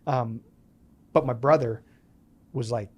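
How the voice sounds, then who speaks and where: Man in his 30s, interview guest, mid-pitched, lively storyteller who plays out dialogue. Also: takes it slowly. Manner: animated storyteller, acts out quoted dialogue. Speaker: podcast guest, business owner.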